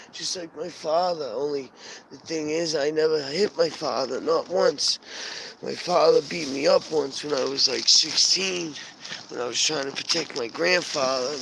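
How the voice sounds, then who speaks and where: A man's voice: fairly high pitch, creaky. A man vlogging a rambling, agitated personal monologue, swearing constantly. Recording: noisy home recording.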